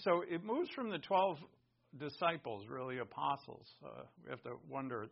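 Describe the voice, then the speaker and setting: A male pastor preaching a sermon, emphatic, swinging from loud stresses to hushed words. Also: medium pitch, normal speed, vocal fry. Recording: dull lo-fi recording.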